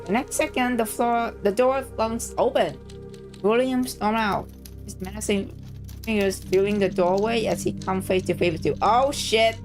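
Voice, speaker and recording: Excitable woman streamer reading a game. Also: medium pitch, normal speed, faint music behind. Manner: excitable, swears freely, frequent shocked reactions. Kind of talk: reading a story game aloud with live reactions.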